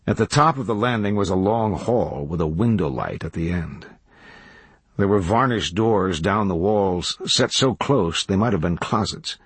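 A man reading a novel aloud as audiobook narrator, in measured, even storytelling. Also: sits low, breathy edge, no room sound. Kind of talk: scripted narration.

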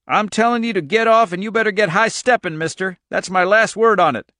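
A man's voice: sits high, a little fast, sharp tone, no echo, clean studio sound, voice pushed up. A male audiobook narrator voicing a stubborn, angry older farmer who orders a stranger off his land. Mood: angry defiant. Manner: blustering, defiant.

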